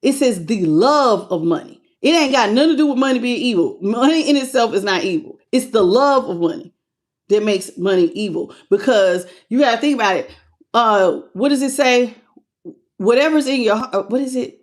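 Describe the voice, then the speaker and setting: Tarot reader, woman, slightly high pitch, loose and chatty, calls viewers "baby". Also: expressive, moderate pace. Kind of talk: casual livestream tarot reading.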